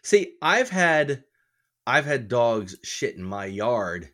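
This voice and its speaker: A man's voice: medium pitch, very animated, slow pace, a bit bright. A man chatting casually on a podcast, laughing often and swearing offhand. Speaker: podcast co-host. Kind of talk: casual chat.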